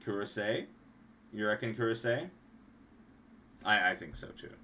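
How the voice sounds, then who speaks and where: Rambling young man with bright tone. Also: lowish voice, lively intonation, measured pace, a little hiss or hum. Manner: rambling, trailing off and restarting. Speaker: streamer and card game designer. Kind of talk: casual livestream talk.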